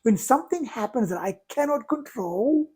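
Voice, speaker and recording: A woman giving a motivational talk, speaking in deliberate, emphatic, drawn-out phrases. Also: a little high, lively intonation, warm tone, breathy edge.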